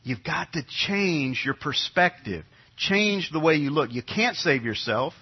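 A man's voice: a little high, lively intonation, unhurried, husky. A middle-aged man from New York preaching a sermon as pastor, talking in a conversational way and repeating his key phrases. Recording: dull lo-fi sound.

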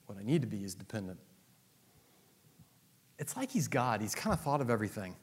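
A male pastor preaching a sermon, swinging between loud emphatic declarations and low asides. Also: very animated, brisk, breathy edge. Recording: long reverb of a large hall.

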